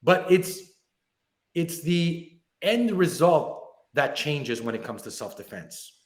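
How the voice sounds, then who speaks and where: Male guest, self-defense instructor, slightly high voice, lively storyteller, roomy echo. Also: slow pace. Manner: animated, acts out club stories with quoted dialogue. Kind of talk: interview storytelling.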